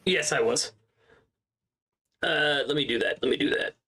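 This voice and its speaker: A man's voice: on the high side, normal speed, bright, forceful tone, slightly rough. A man hosting the stream and playing a tabletop game, chatting casually and speaking to the audience. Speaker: channel host and player.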